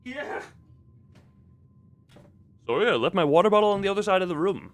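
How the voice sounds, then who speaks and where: A man's voice: high voice, very animated, moderate pace, no echo. A man streaming a video game, chatting loosely with his viewers, restarting his sentences and laughing often. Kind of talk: casual live-stream chat while playing.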